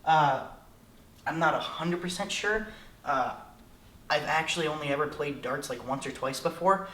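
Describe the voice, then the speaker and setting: A man's voice: a little high, moderate pace, fairly bright tone, echoey room. A young man in his late teens giving a jokey tutorial, rambling and self-mocking, with lots of filler. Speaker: vlogger. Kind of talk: comedic tutorial.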